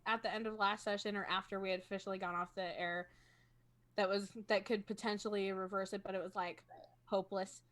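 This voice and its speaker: A woman's voice: medium pitch, flat delivery, a little fast, fairly bright tone. Woman, role-playing gamer, casual video chat, laughs often, self-conscious, home mic. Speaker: role-playing game player. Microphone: home streaming microphone.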